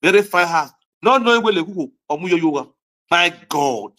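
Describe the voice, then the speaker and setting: A man's voice: high voice, expressive, moderate pace, pushed and bright, faint music behind. A man with a Nigerian accent giving a heated, repetitive vlog rant as a social media commentator, scolding his viewers. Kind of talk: ranting vlog monologue.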